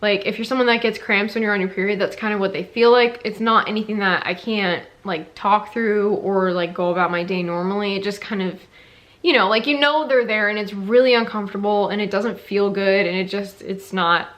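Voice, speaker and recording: A woman's voice: mid-range voice, fairly quick, a bit bright. A young woman who is heavily pregnant, chatting casually in a rambling vlog update, full of fillers. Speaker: vlogger, stay-at-home mom.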